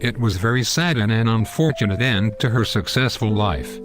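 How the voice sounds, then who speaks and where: A teasing old grandpa with a fond, easygoing way of talking, as a man plays him in an amateur skit. The voice sits fairly low. Clear music plays behind him. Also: moderate pace, lightly acted. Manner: teasing and affectionate, calls her honey. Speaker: grandfather storyteller in a school skit. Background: background music.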